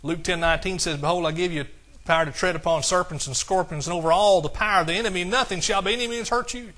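A male pastor preaching an exuberant sermon, shouting praise and reading scripture slowly and emphatically. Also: sits high.

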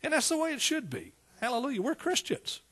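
A man's voice: very high-pitched, huge pitch swings, a little fast, a bit bright. A middle-aged man with an East Texas accent preaching a sermon in a folksy, call-and-response manner. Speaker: pastor.

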